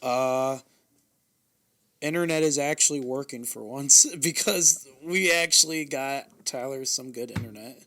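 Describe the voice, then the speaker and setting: A man's voice: mid-range voice, a little slow, bright, forceful tone. A man from Wisconsin co-hosting a casual podcast, chatty and laughing, with many fillers. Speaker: podcast co-host.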